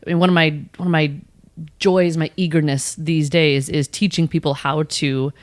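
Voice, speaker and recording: A woman with a slightly low voice talks casually as a podcast guest. She jumps into playful voiced asides and laughs often. The sound is dry and close. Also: steady tone, normal speed, no echo. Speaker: guest, spiritual coach and channel.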